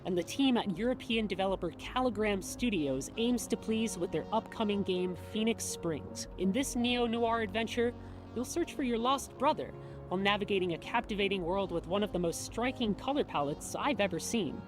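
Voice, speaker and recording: A woman announcer reads a showcase script in a polished, upbeat tone. Clear music plays behind her. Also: medium pitch, animated, moderate pace. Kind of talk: scripted narration.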